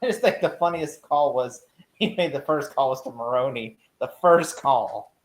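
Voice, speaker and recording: A man's voice: mid-range voice, moderate pace. A man co-hosting a TV recap podcast, rambling in casual chat with lots of "you know" and "like.". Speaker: podcast co-host. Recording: roomy echo.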